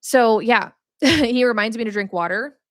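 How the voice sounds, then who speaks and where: A woman's voice: a little high, measured pace, dry recording, studio quality. A young woman hosting a podcast, teaching about faith in a casual, chatty way, laughing often and filling her talk with "like". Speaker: podcast host.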